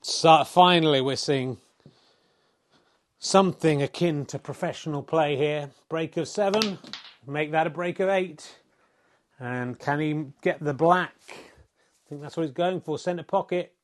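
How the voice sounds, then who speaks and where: Middle-aged man, slightly high voice, wry deadpan snooker-style commentator. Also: a little slow. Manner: wry, self-mocking, swears in mock exasperation. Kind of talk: mock sports commentary.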